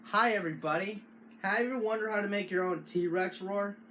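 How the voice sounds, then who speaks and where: Halting man teaching a how-to. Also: sits high, very noisy. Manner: halting, frequent restarts and filler. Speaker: tutorial host. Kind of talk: casual how-to demonstration.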